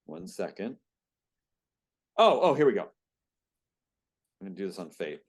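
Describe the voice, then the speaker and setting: Emotional, earnest man with a lowish voice. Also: big pitch swings, measured pace. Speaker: screenwriter and guest. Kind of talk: interview conversation, reading aloud.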